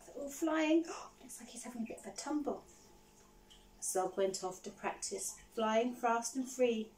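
A woman teacher reading a picture book aloud to children, animated and often stopping to ask them questions. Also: fairly high pitch, normal speed, far from the mic, low-quality recording. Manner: animated, asks the listeners questions.

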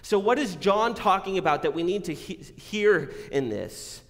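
Earnest pastor preaching in a reverberant church. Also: male voice, high-pitched, animated, normal speed, hardly any pauses. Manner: earnest, rises to emphatic declarations then drops to quiet reflection. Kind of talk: sermon. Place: church sanctuary. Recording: long reverb of a church hall.

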